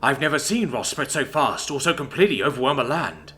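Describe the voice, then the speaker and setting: A man reads a first-person story aloud with expressive, storytelling delivery. His voice is bright and his pitch rises and falls a great deal, with soft music behind him. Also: a little fast. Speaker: narrator. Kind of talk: storytelling narration.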